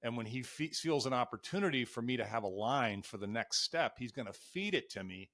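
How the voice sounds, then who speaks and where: Mid-range in pitch and fairly bright, this man speaks briskly with lively intonation. He's in his fifties, a life and executive coach interviewed on a podcast, recounting candid, emotional stories and acting out quoted dialogue, all in clean studio sound with no room sound.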